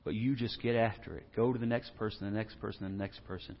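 A man preaching a sermon as pastor, conversational with humorous asides, swinging from quiet stretches to loud bursts. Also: on the low side, steady tone, fast, lo-fi sound.

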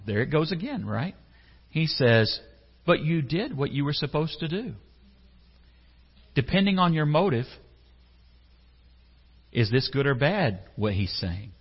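A pastor with a fairly high, sing-song, slightly rough voice preaches a sermon at an unhurried pace with long pauses. He keeps it conversational, putting questions to the congregation and acting out short quotes. The hall is echoey and the sound slightly dull.

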